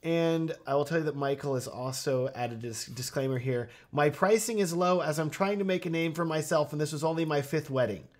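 A man's voice: a little high, brisk, hardly any pauses. A man hosting a live stream of film reviews, joking around and talking straight to the chat. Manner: playful, jokey, addresses chat directly.

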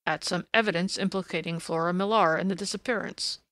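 A woman's voice: fairly low pitch, steady tone, fairly quick, a bit bright, dry recording, natural voice. A woman reading a blustering police inspector. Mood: insistent. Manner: bitter, blustering. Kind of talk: audiobook character reading.

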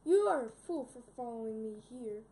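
A woman voicing a pompous male chicken king villain in a game, delivering slow, gloating taunts. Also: on the high side, expressive, warm tone, a little hiss or hum, poor audio.

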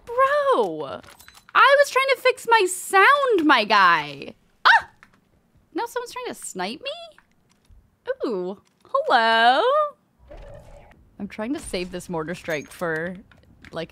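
A woman streams a shooter game with excitable, cursing commentary. Her voice sits high and swings widely, with a bright edge. Faint noise sits under the recording. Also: slow, long pauses. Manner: excitable, cursing, laughing often. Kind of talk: live gameplay commentary.

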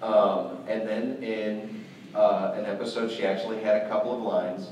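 A man's voice: lowish voice, fairly even intonation, normal speed, a little mellow, far from the mic, muffled recording, a little hiss or hum. Man explaining on an echoey panel. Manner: storytelling, explains at length. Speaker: comic artist panelist. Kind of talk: convention panel talk. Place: convention panel room. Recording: echoey hall, mic from afar.

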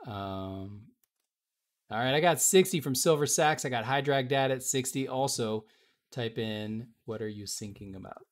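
A man's voice: medium pitch, a little slow. A man hosting a casual live-stream auction, calling out bids and chatting with viewers in an upbeat way. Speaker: auction host.

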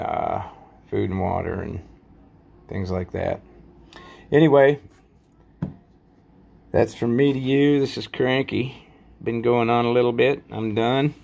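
A man casually rambling through a show-and-tell vlog about his collection, halting often with fillers and folksy sign-offs. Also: on the low side, gravelly, darkish tone. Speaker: coin collecting vlogger.

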